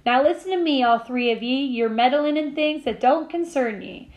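A woman reading aloud, voicing a gruff, secretive giant groundskeeper in a storybook. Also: high voice, normal speed, lo-fi sound. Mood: gruff, insistent. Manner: gruff, insistent.

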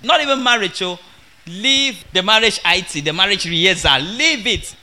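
A man preaching an animated, humorous sermon to a congregation. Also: sits high, normal speed. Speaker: evangelist.

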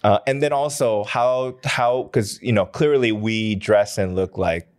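A lower-voiced man with an American accent co-hosting a loose, profane podcast conversation. He rambles through filler words and hums along while the other host talks. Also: a little slow. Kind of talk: casual podcast chat.

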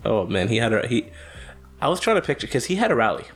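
A man's voice: medium pitch, sing-song, fast. A man co-hosting a podcast in casual chat, rambling and joking, often trailing off mid-sentence.

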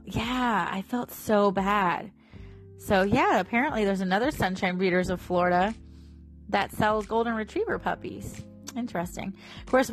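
A woman, chatting casually to her viewers in a rambling way with lots of fillers. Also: mid-range voice. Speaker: vlogger and small business owner. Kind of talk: casual chat to camera.

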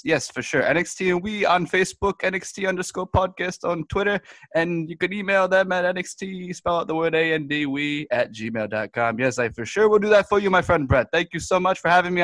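A man's voice: a little high, fairly quick, fairly bright tone, no room sound, voice pushed up, close to an everyday voice. A man playing a rambling correspondent. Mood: goofy. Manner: rambling, repeats "as they say", laughs at own jokes. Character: rambling, goofy Canadian male news correspondent. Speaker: comic correspondent. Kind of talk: comedic improvised character bit.

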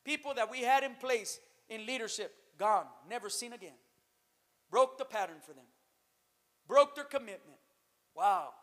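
A man preaching a sermon as pastor, calling out to the church and rising to shouted emphasis. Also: extremely high pitch, expressive, moderate pace, long pauses. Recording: long reverb of a hall.

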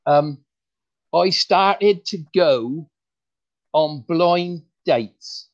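A man's voice: a little high, animated. Man doing a stammering rural farmer comic. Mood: folksy. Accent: rural English. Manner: halting, stammering, folksy. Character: bumbling rural male farmer comedian. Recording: dull lo-fi sound.

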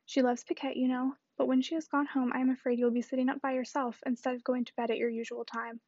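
A woman reading the lines of a confident young gentlewoman reassuring her father. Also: high-pitched, little pitch movement, quick pace, muffled recording.

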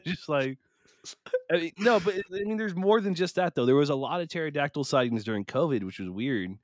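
A man's voice: on the high side, lively intonation, fairly quick, dry recording, studio quality. A man, co-hosting a podcast in casual chat, rambling and poking fun at himself. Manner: rambling, self-mocking, acts out what he told himself. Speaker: podcast co-host.

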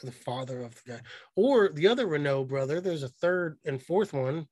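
A man co-hosting a podcast in casual chat, excited and profane, mocking what he talks about. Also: a little high, no echo. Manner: excited, profane, mocking, quick bursts of mimicry. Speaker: podcast co-host.

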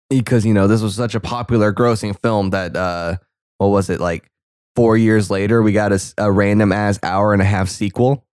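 A man's voice: lowish voice, a little mellow, dry recording, clean studio sound. A young man giving casual, sarcastic commentary while watching a movie, full of joking asides.

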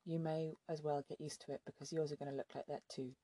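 A woman's voice: low voice, flat delivery, fast, mellow, no room sound. A woman reading an audiobook, voicing a blunt, intense grown man who holds a young woman captive. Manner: blunt, curt.

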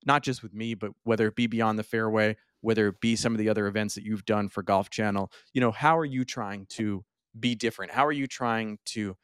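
Laughing, halting male podcast host. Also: lowish voice, fairly even intonation, clean tone, no room sound, clean studio sound. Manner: laughs often, halting with fillers. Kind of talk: casual podcast interview.

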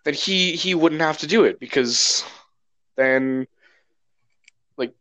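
A man's voice: on the high side, slow pace, bright, forceful tone, no room sound. A teenage boy chatting casually with friends, teasing them and laughing often. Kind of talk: casual chat among friends.

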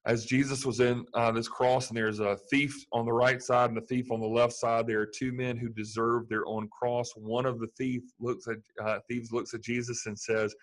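A man's voice: mid-range voice, little pitch movement, normal speed, hardly any pauses. A man preaching a sermon in an earnest manner, building to fervent emphasis. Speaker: pastor.

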